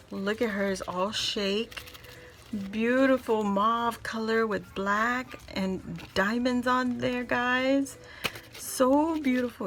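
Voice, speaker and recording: A middle-aged woman hosting a casual crafting vlog, opening mail at home and gushing over each item, repeating her words when excited. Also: mid-range voice, slight background noise. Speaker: crafting channel host.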